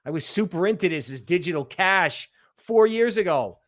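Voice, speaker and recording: A man hosting a crypto livestream, talking in an animated, emphatic way, firing off rhetorical questions and tagging lines with "right?". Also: sits high. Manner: rapid-fire rhetorical questions. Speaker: crypto channel host. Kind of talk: livestream commentary.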